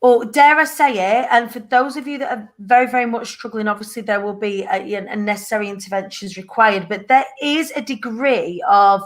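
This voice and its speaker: British woman host, slightly high voice, rambling casual chat. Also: normal speed, hardly any pauses. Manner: rambling, searching for words. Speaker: show host. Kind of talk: casual podcast interview.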